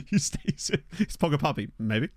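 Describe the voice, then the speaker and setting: A man's voice: on the high side, dry recording. A man streaming a football management game from a small bedroom, rambling through stories for his live chat with frequent laughs. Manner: animated, rambling storyteller who laughs often. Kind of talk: casual chat with live viewers. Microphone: desk USB microphone.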